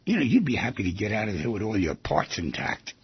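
A man with a raspy, gravelly voice gives an animated talk. His pitch swings widely as he acts out quoted lines. The sound is dry and dull, like an older lo-fi recording. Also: fast, no echo. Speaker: speaker on relationships. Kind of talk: lively talk.

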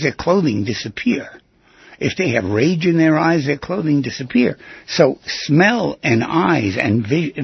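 A man hosting call-in radio, with a husky, very gravelly voice and a lively, swooping delivery. He talks in a rambling, chatty, jokey way. The sound is dull and lo-fi, like a radio broadcast. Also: on the high side, no room sound. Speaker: radio talk show host.

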